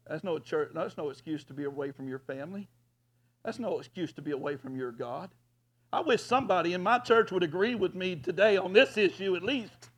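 A man preaching a folksy sermon as pastor, rising at times to loud hollers. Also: high voice, lively intonation, fairly quick.

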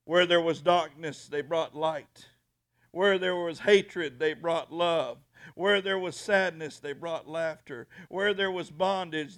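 Man, high voice, fiery preaching, repeats lines, restarts sentences. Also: a bit bright. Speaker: pastor. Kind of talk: sermon.

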